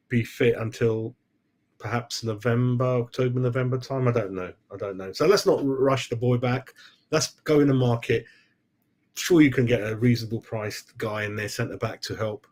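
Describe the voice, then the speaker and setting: A middle-aged man chats on a live fan stream from his room at home. He is loose and blokey and keeps calling his viewers mate. His voice sits at an ordinary middle pitch. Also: flat delivery, moderate pace, a little mellow. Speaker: fan channel host. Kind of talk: casual live-stream football chat.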